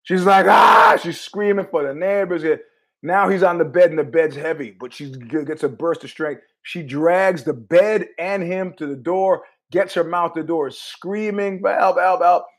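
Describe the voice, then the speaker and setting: A man's voice: a little high, normal speed. A man hosting his own show, telling a story in a blunt, profane, conversational way. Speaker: host. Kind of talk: casual storytelling monologue.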